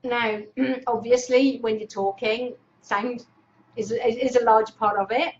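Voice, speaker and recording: Energetic woman host coaching on camera; bright, excitable delivery, lo-fi webcam audio. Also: a little high, unhurried. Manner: excitable, energetic, greets viewers by name. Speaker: Facebook Live host and speaking coach. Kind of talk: casual live-stream coaching talk. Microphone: webcam clipped on monitor.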